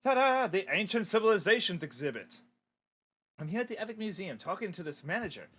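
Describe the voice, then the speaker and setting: A man voicing a fast-talking male TV news reporter in a storybook reading, with a brisk, chirpy announcer delivery. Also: high voice, sing-song, a bit bright, slightly rough, exaggerated voice.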